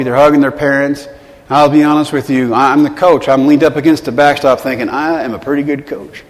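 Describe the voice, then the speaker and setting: A man telling a personal story to a live audience, earnest and self-deprecating, dropping quiet at the emotional moments. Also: medium pitch. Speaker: motivational speaker. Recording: long hall reverb.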